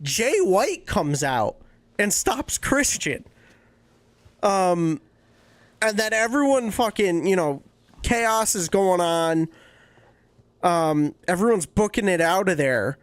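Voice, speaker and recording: A woman co-hosting a podcast, recapping events in an unhurried, casual way with some swearing. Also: fairly low pitch, lively intonation, no room sound. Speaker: podcast co-host.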